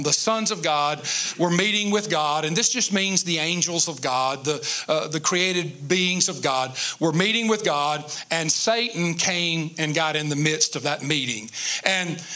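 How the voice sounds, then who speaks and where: High, bright-voiced folksy preacher. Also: male voice. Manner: folksy, joking with the congregation; emphatic, repetitive. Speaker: pastor. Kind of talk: conversational sermon.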